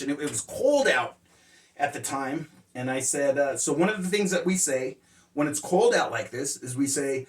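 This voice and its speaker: A man's voice: fairly high pitch, expressive, moderate pace. Rambling man, distant and roomy. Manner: rambling, frequent "uh" fillers, blunt and profane. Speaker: motivational speaker sharing life lessons. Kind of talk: casual personal storytelling. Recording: roomy sound, distant mic.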